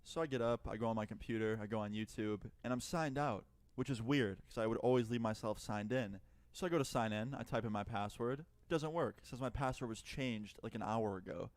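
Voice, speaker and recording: A man's voice: mid-range voice, a little fast, no room sound. A man telling a personal story in a chatty, profane way, acting out both sides of the dialogue. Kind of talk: casual storytime narration.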